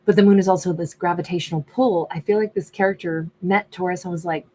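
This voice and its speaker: A woman's voice: lowish voice, fairly even intonation, quick pace, darkish tone. A woman doing a casual tarot reading who thinks aloud and is losing her voice. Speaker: tarot reader.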